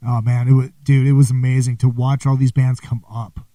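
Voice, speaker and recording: A man's voice: mid-range voice, flat delivery, a little fast, mellow, no room sound, studio quality, recorded from a distance. A man from the American Midwest hosting a casual interview chat, eager and talkative, reading viewer comments aloud. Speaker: host.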